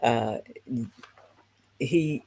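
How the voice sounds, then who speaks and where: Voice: medium pitch, extremely slow, gravelly, darkish tone. A co-host in a casual Bible discussion who tells stories with humor and acts out the quotes. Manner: laughing, storytelling with acted-out quotes.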